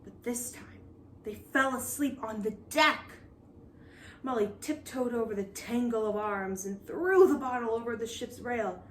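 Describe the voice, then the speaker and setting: Expressive woman reading a picture book. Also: on the high side, a little slow, recorded from a distance, slight background noise. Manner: expressive, lively storytelling. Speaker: storybook reader. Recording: roomy echo.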